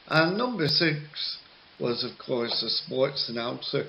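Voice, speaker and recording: A male English teacher talks through exercise answers very slowly, with a patient, jokey manner and plenty of ums. The sound is a little muffled, and a faint hiss runs underneath. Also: mid-range voice, animated, vocal fry. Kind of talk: recorded classroom lesson.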